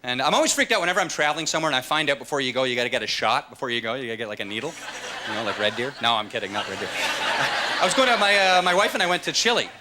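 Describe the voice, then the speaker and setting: A man doing a stand-up comedy set on stage, acting out voices and shouts. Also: medium pitch, rapid-fire, background noise. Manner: animated, jumps into shouted voices for characters. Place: comedy club stage with audience laughter. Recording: live club recording, loud audience laughter.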